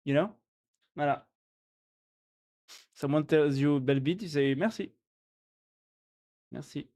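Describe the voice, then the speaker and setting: A French-accented streamer, native in French, winding down a live stream well past midnight. The talk is unhurried and playful, with some giggles, and sounds tired. The voice sits at a middling pitch. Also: fairly even intonation, mellow. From France. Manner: playful, giggly, chatting with viewers. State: tired, late at night. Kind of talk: casual late-night live-stream chat.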